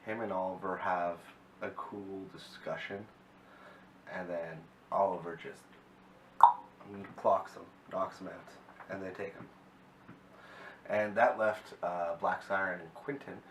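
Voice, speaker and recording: A man's voice: low-pitched, steady tone, unhurried, long pauses, a bit bright, distant mic. A man casually recapping a TV episode, rambling and often correcting himself. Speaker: TV episode reviewer. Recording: echoey room, mic set back, faint hiss.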